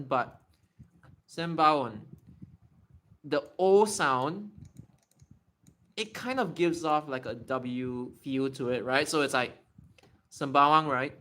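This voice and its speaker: A man's voice: mid-range voice, a bit bright. A man hosting a casual live Q&A, thinking aloud, repeating and restarting words as he tests how they sound. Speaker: livestream host. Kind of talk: casual live Q&A explaining Japanese readings.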